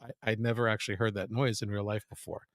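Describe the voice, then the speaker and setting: A man's voice: fairly low pitch, little pitch movement, fast, dry recording, clean studio sound. A man, a podcast guest, telling a long story in casual chat, profane and full of restarts. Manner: rambling, profane, frequent restarts.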